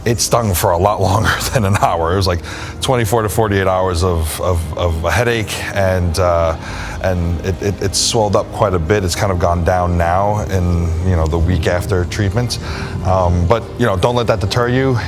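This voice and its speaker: A man's voice: low-pitched, fairly even intonation, moderate pace, music in the background. A man vlogging from his car, rambling with lots of fillers as he talks about a doctor visit. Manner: anxious then relieved, rambling with many fillers. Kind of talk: personal vlog, talking to camera.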